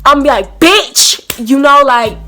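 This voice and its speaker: A young woman, telling an animated storytime to camera and acting out both sides of a heated argument. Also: fairly high pitch, normal speed, soft background music. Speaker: storytime vlogger.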